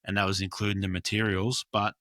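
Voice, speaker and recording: Muralist guest, laid-back rambler, lowish bright voice, dry close mic. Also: male voice, little pitch movement, fast talker, no room sound. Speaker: graffiti and mural artist, guest. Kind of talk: casual chat.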